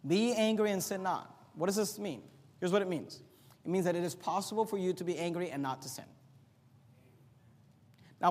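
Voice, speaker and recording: High-voiced preacher in a reverberant hall. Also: male voice. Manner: preaching with swings from loud to quiet. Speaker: pastor. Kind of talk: sermon.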